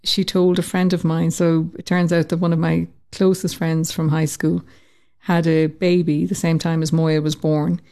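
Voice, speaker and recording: A woman telling a personal story in an interview, lively and acting out the voices she quotes. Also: low voice, normal speed, few pauses. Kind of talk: conversational storytelling.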